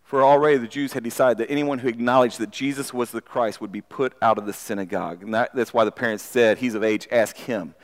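A man preaching a sermon in an animated way, often repeating words as he starts a sentence. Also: mid-range voice, fast, few pauses. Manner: animated, acts out voices of people in the story. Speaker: pastor. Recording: long hall reverb.

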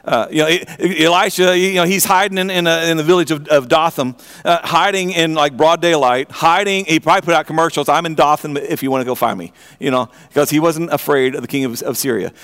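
High-voiced man preaching an animated sermon. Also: a little fast, hardly any pauses, clear, resonant tone. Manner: animated storytelling with frequent repeated starts; asks the audience direct questions.

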